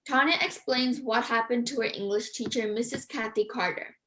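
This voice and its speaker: A woman's voice: fairly high pitch, moderate pace, pushed and bright, low-quality recording. A woman author on a radio interview, earnest and a bit hesitant, reading from her book. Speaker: author and guest. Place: radio studio.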